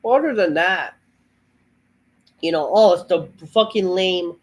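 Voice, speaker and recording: A man's voice: sits high, takes it slowly, poor audio. A man hosting a wrestling review show, ranting in a profane, exasperated way while feeling under the weather, his voice a bit off.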